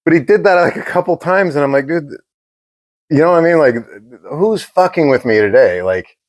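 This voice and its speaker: A man's voice: fairly high pitch, animated, a little fast, no room sound. A man co-hosting a podcast, telling a rambling, profane story in casual chat. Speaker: podcast co-host.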